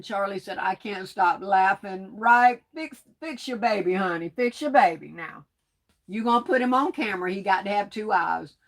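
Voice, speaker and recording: A woman's voice: mid-range voice, a bit bright. A woman hosting a craft livestream, reading viewer comments aloud in a teasing, folksy way and laughing often.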